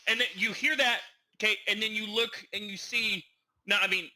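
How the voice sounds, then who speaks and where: A man co-hosting a casual podcast, animated and acting out quotes as he tells stories. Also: high-pitched, moderate pace, rough recording. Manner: animated, acts out quotes in his storytelling. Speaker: podcast co-host. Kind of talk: casual chat.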